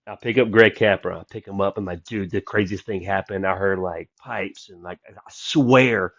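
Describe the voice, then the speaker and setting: A man telling a story from the road in casual chat, animated and acting out the people he quotes. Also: low-pitched, normal speed, hardly any pauses, no room sound, dull audio. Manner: animated, acts out quoted voices loudly. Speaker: comedian guest.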